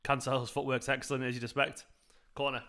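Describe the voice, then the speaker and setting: A man's voice: mid-range voice, flat delivery, fast talker, sharp tone. A young man hosting a football watchalong, chatting casually and laughing as he answers his live chat. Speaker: fan channel host.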